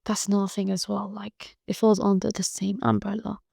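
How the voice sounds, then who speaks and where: A woman's voice: medium pitch, little pitch movement, a little fast, gravelly, mellow, dry recording, studio quality. A woman hosting a podcast solo, talking bluntly and profanely, like a tough-love pep talk. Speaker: podcast host. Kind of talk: casual monologue.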